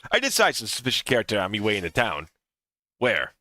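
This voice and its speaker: A man's voice: lowish voice, huge pitch swings, quick pace, sharp tone, exaggerated voice. A man voicing a boisterous, drunk male pirate sea captain in a put-on pirate brogue, rolling his words and slurring them. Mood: sly.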